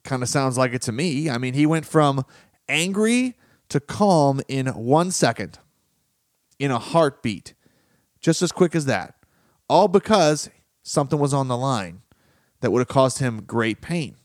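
A man's voice: medium pitch, lively intonation, unhurried, pauses often, no room sound, studio quality. Man telling stories on a solo podcast. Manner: conversational storytelling, acts out quoted voices. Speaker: relationship coach and podcast host.

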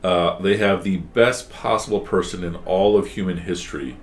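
A man's voice: deep voice, moderate pace. A man teaching a one-on-one class, explaining patiently and asking guiding questions.

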